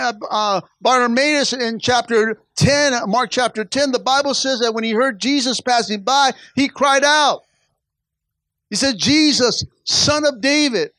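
High bright-voiced guy preaching, keeps going "come on somebody", gets shouty. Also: dry recording. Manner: preachy call-and-response, repeats "come on, somebody"; builds to shouting. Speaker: pastor. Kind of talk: sermon.

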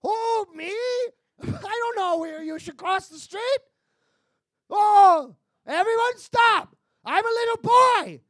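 A man's voice: extremely high pitch, lively intonation, slow pace, fairly bright tone, no echo, studio quality, exaggerated voice. A man voicing a flustered little boy working as a crossing guard, in his own voice.

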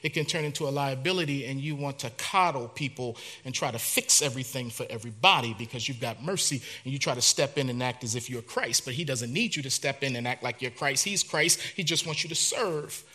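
A male pastor preaching a sermon, dramatic, dropping to a hush and then rising loud, in a church. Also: mid-range voice, fairly quick, few pauses.

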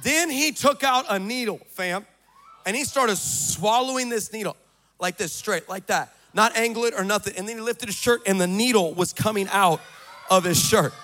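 Preacher guy, high bright voice, super animated, jokes around then yells it out. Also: normal speed. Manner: animated storytelling with comic asides, rising to shouted exhortation. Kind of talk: sermon.

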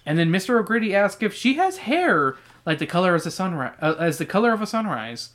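Speaking a little fast in a mid-range voice, a podcast host works through a children's book, cracking sarcastic, foul-mouthed jokes. Flat read-aloud passages give way to sudden loud outbursts.

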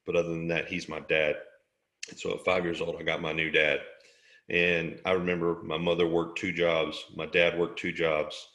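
A man's voice: low voice, little pitch movement, moderate pace, fairly bright tone, roomy sound, lo-fi sound. A middle-aged man from Alabama, an interview guest telling a story in a casual, jokey way and laughing often.

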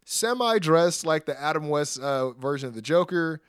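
Animated man recapping wrestling, slightly high voice. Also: normal speed, clean tone, no echo, clean studio sound. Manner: animated, laughs often, acts out quotes. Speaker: podcast host recapping wrestling. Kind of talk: casual chat.

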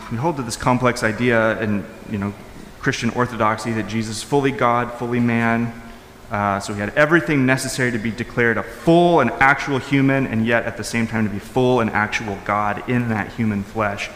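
A male pastor preaching a conversational sermon in a church hall, his voice ringing with a long reverb and a faint room hum behind it. He moves between raised, high-pitched emphasis and soft, low asides. His delivery is informal, full of restarts and fillers. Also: normal speed.

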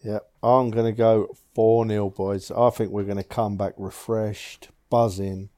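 A man's voice: fairly low pitch, flat delivery, measured pace, warm tone, dry recording, studio quality. A middle-aged man, a guest on a casual podcast, telling an easygoing story. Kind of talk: casual chat.

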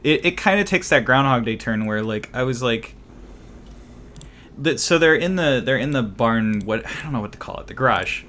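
A man's voice: mid-range voice, animated, normal speed, fairly bright tone. A man co-hosting a casual movie discussion, rambling with many fillers and restarts. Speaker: podcast co-host.

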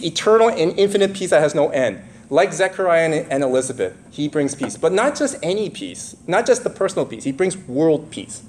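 Animated man preaching a sermon. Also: a little high, fairly quick, hardly any pauses, a little hiss or hum. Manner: animated, rising to read scripture, conversational asides. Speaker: pastor.

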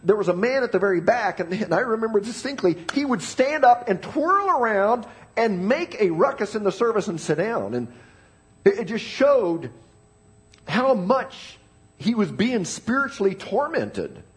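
Animated preaching man, dramatic swings. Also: high-pitched, moderate pace. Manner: dramatic storytelling, swings between loud emphasis and hushed tones. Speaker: pastor. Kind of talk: sermon. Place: church sanctuary.

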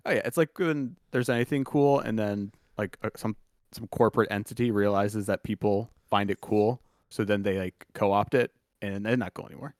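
A man's voice: lowish voice, moderate pace, darkish tone, dry recording, clean studio sound. A man co-hosting a sports podcast, chatting casually in a loose, rambling way with plenty of jokes. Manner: loose, rambling, jokey, laughs often. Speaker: podcast co-host.

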